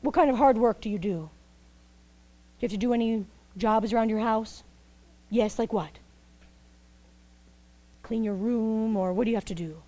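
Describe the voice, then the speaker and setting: A woman telling a folktale live to children, animated and coaxing, asking the audience questions. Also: a little high, normal speed, pauses often. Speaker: storyteller. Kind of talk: live interactive storytelling for children.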